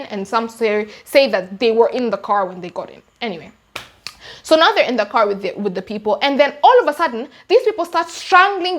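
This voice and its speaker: Young Kenyan woman, Kenyan English accent, slightly high voice, animated and slangy, emphatic true-crime retelling. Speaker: YouTuber. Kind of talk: true-crime storytime vlog.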